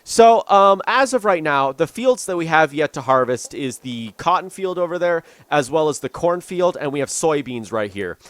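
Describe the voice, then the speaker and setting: A man's voice: on the high side, animated, moderate pace, hardly any pauses, a bit bright, dry recording. A young man talking casually over a farming game, thinking aloud with lots of ums and restarts. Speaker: gaming YouTuber. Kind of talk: casual let's-play commentary.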